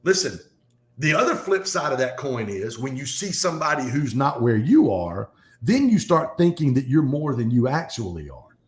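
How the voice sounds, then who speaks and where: A man speaking as a guest in a casual podcast conversation, talking in an animated, fast, motivational way. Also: mid-range voice. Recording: echoey room.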